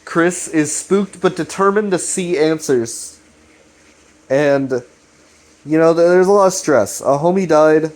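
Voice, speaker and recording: A man's voice: a little high, unhurried, darkish tone. Young man rambling, profane and loose. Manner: profane, loose, full of fillers. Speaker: video commentator. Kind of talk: casual rambling recap commentary.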